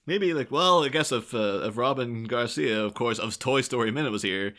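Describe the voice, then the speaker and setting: A man's voice: medium pitch, normal speed, bright, forceful tone. A man co-hosting a podcast in casual film-discussion chat, rambling and laughing often. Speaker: podcast co-host.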